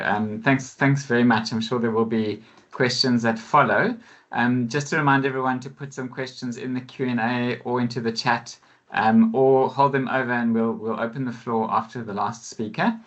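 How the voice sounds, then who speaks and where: A man hosting an online webinar, introducing speakers in a measured, hesitant way over a video call. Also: medium pitch, dull audio. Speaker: webinar host, facilitator.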